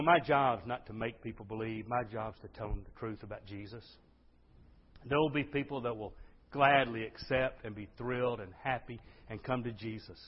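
An exuberant man preaching to his congregation, his husky voice leaping up in excitement and then dropping low. His middle-pitched tone comes through a dull, lo-fi recording. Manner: exuberant, swings from loud to hushed. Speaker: pastor. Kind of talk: sermon. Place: church sanctuary. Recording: dull lo-fi sound.

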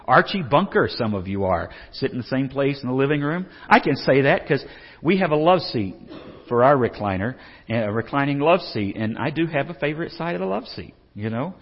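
Standing in a church sanctuary, a middle-aged pastor preaches a funny sermon full of jokes and stories, often restarting his sentences. He speaks fairly quickly in an expressive, mid-range voice, captured in a dull lo-fi recording with long hall reverb.

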